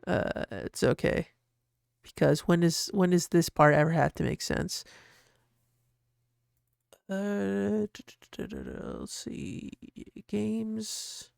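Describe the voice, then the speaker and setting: Gravelly, rambling host in a dry, close recording. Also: medium pitch, slow pace, pauses often, no echo. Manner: rambling, self-interrupting, laughs often. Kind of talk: casual commentary while designing.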